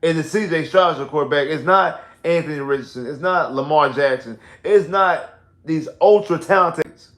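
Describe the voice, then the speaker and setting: A man's voice: a little high, normal speed, fairly bright tone, echoey room. Heated, repetitive man ranting about football. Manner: repetitive, emphatic, gets heated and exasperated. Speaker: sports talk livestream host. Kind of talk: casual postgame football rant. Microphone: headphones and home streaming setup.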